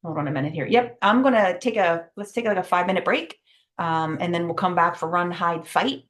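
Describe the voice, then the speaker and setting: Brisk, emphatic woman trainer. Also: lowish voice, a bit bright. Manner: brisk, emphatic, many fillers. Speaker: safety trainer. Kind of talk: virtual training presentation. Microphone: video call.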